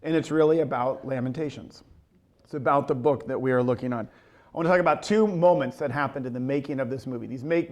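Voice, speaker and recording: A man teaching a Bible study, telling a story in a conversational way with many ums and restarts. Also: mid-range voice. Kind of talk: casual teaching talk.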